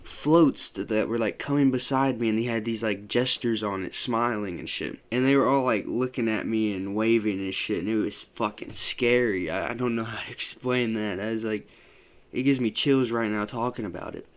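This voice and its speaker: A man's voice: lowish voice, moderate pace. Laid-back young man telling a story. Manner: loose, profane, full of "like" fillers. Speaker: vlogger. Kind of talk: casual storytelling.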